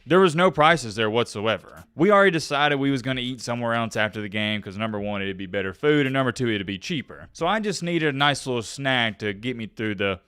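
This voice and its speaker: A man's voice: mid-range voice, lively intonation, a little fast, hardly any pauses, a bit bright, clean tone, dry recording, studio quality. A man telling a story and giving commentary to his audience in a casual, exasperated, ranting way. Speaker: sports commentary vlogger.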